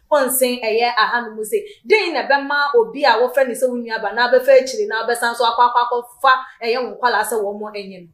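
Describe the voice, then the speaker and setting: A woman interviewing a guest, asking long, winding questions. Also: fairly high pitch. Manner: brief back-channel prompts, then long questions. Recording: roomy studio sound.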